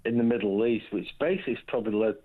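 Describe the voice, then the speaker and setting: A man's voice: fairly low pitch, very fast, slightly rough. Chatty man on a tinny phone line. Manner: chatty, jokey, meandering. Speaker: caller. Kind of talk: casual phone-in chat.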